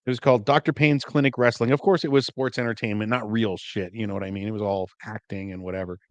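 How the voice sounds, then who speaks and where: A man on a podcast telling a story in casual chat, relaxed and dry, with many fillers. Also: on the low side, fast, dry recording. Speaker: podcast co-host.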